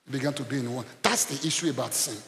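A male pastor preaching a sermon in an animated way, bursting into shouts, repeating himself and calling out to the congregation. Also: mid-range voice, quick pace, gravelly. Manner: addresses the congregation with call-and-response. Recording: long reverb of a large hall.

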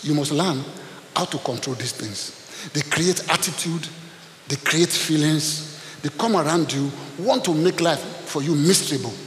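A man preaching a sermon as pastor, dramatic and animated, acting out scenes. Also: on the high side, moderate pace. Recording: echoey hall with faint hiss.

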